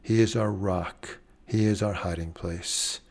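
A man preaching a sermon in an earnest way, slowing down and pausing, and dropping soft on key phrases. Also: deep voice, steady tone, gravelly.

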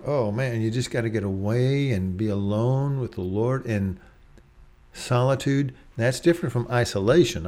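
A man with a somewhat low voice delivers a devotional sermon. He speaks gently and reflectively, drawing out single words for emphasis. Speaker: preacher.

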